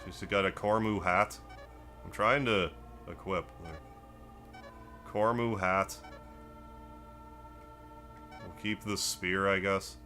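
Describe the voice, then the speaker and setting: This gaming live streamer has a low voice and speaks slowly, pausing often, with soft music playing in the background. Relaxed and rambling, he chats casually during his gameplay stream, greeting viewers and musing aloud as he plays.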